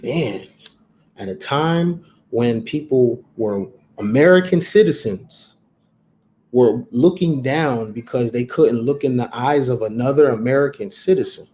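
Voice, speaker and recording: A man's voice: mid-range voice, a little slow, warm tone. A man hosting a livestream talk, speaking in an emphatic, preachy way and repeating phrases for effect. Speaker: host.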